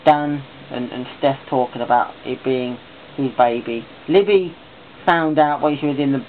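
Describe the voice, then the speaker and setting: A man's voice: mid-range voice, moderate pace. A man chatting casually in a vlog, rambling and enthusiastic as he talks on. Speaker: vlogger. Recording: tinny phone-like sound with faint hiss.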